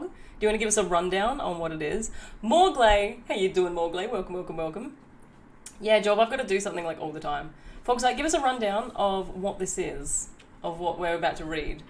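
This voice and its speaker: A woman's voice: on the low side, a little hiss or hum. A woman hosting a live stream, bubbly and chatty as she greets viewers and narrates community stories. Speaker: livestreamer.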